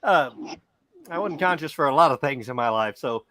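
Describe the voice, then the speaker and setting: A man's voice: fairly high pitch, animated, normal speed, a crowd in the background. A man co-hosting a podcast, rambling and cursing in casual chat, laughing often. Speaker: podcast co-host.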